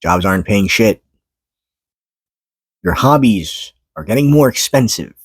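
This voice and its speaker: Man, personal vlog monologue: low, husky, close and dry; weary, halting, flares up in frustration. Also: expressive, dry recording. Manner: weary, halting, pauses to collect thoughts; swears and rises in pitch when frustrated. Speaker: vlogger. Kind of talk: unscripted personal monologue to camera. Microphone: camera mic.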